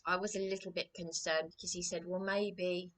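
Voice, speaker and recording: A woman from England rambling aggrievedly in a personal vlog, repeating herself with many restarts, her voice a little hoarse. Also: on the low side, level tone, moderate pace, fairly bright tone. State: voice a bit hoarse. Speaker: vlogger.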